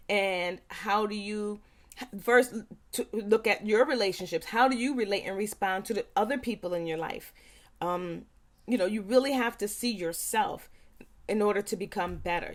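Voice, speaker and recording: A woman parent educator speaking earnestly to parents, stressing points by repeating them and acting out quick quoted lines. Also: mid-range voice. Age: young adult. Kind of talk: talking to parents.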